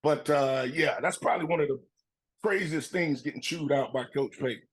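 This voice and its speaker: A middle-aged man and former football player, telling animated stories in a casual interview, acting out his coaches' voices and laughing often. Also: fairly high pitch, moderate pace, rough recording.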